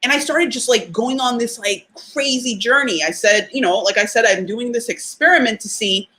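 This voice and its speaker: A woman hosting a casual live talk for listeners, chatty and animated, laughing often and using fillers. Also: high voice. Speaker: podcast host.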